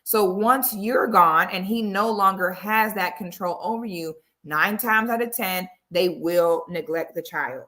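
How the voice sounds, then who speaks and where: A woman's voice: mid-range voice, a little slow, few pauses, pushed and bright. Blunt woman live-streaming in an echoey room. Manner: blunt, emphatic, addresses viewers as girl and y'all. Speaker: live-show commentator. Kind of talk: casual commentary to a live audience.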